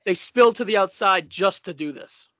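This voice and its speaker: Laid-back co-host man, higher voice, lo-fi. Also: moderate pace, bright, forceful tone. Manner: laid-back, laughs often. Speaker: podcast co-host. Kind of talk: casual wrestling recap chat. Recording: dull lo-fi podcast audio.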